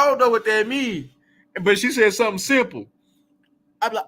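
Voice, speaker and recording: A man's voice: high-pitched, expressive, a little fast, pauses often, sharp tone. A man hosting a casual live book chat, talking loosely with many fillers and asides and laughing often between thoughts.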